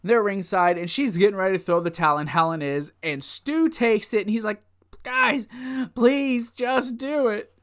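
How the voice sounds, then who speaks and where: A man giving a casual, rambling recap of an old wrestling event, easily excited and laughing often as he goes. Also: high voice, brisk, few pauses, smooth. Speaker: wrestling show reviewer.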